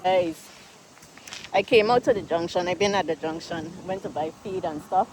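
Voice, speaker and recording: Lady chatting to her phone out on the farm, easygoing and excitable, low voice. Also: moderate pace, slight background noise. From United States. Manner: chatty, excitable, talks straight to viewers. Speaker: farm vlogger. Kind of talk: casual vlog narration while working. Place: outdoors on a farm.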